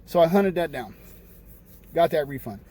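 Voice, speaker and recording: A man's voice: a little high, expressive, normal speed, warm tone. Exasperated man venting in a rambling way. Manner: rambling, exasperated, repeats himself. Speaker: vlogger. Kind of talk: casual venting monologue. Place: room with windows open near a street. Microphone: camera. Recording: faint street noise. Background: passing buses and traffic.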